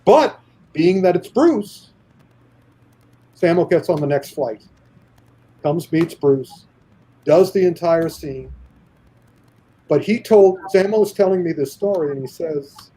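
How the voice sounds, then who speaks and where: Male podcast guest, animated storyteller who acts out quotes; mellow, husky timbre. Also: on the high side, takes it slowly, long pauses, poor audio. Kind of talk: casual podcast anecdote.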